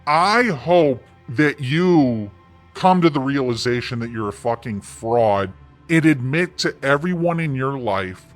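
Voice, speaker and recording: A man's voice: medium pitch, animated, unhurried, soft background music. A man hosting his own online commentary, taunting and mocking in a sarcastic tone.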